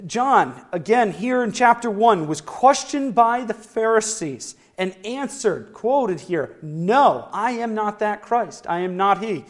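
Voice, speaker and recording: A man preaching a sermon, asking his listeners questions and slowing into loud, declaring scripture quotes. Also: high-pitched, expressive.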